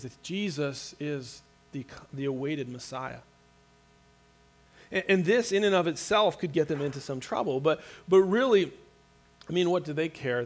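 Earnest, conversational male preacher. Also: on the high side. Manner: conversational, earnest, with frequent restarts and light laughter. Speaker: pastor. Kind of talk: sermon.

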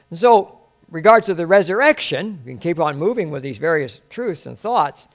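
A man preaching a sermon as a pastor, full of exclamations and rhetorical questions. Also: high voice.

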